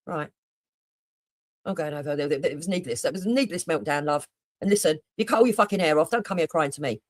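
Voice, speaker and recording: A woman's voice: deep voice, fast talker, no room sound. A woman doing heated reaction commentary on a livestream, blunt and mocking, with heavy swearing. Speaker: livestreamer reacting to another streamer.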